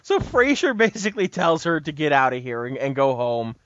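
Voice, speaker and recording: A man's voice: a little high, sing-song, fairly quick, a bit bright, no room sound. A man co-hosting a podcast, casually retelling an episode in a rambling way with lots of "you know" and "uh". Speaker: podcast co-host. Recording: dull, dry lo-fi audio.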